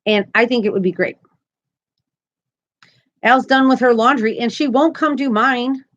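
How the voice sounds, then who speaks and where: Woman, crochet stream host, casual chatter, upbeat, laughs a lot, high-ish voice, dull lo-fi sound. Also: unhurried, a bit bright. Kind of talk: casual live-stream chat.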